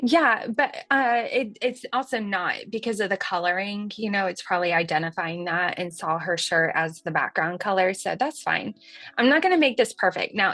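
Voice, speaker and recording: A woman in her thirties with a light Southern accent, hosting a casual software tutorial in a chatty, folksy way. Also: mid-range voice, dry recording. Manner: chatty and folksy, says y'all, laughs at herself. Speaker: livestream host demonstrating software.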